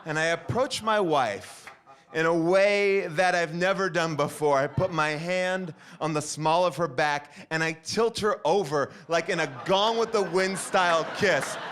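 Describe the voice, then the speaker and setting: A man's voice: on the high side, a little slow, fairly bright tone. A man doing stand-up storytelling on a stage mic, acting out every character in his story. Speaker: stand-up comedian.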